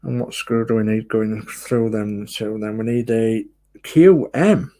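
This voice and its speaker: A man talks his way through a model build, his voice rough and gravelly. He speaks slowly and casually, muttering asides to himself as he works. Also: fairly low pitch, dark tone. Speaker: host of a model-building livestream. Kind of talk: casual chat while building.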